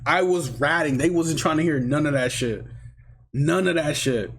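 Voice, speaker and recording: A young man telling a story in a casual vlog, full of slang, swinging between loud bursts and mumbles. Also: fairly high pitch, normal speed.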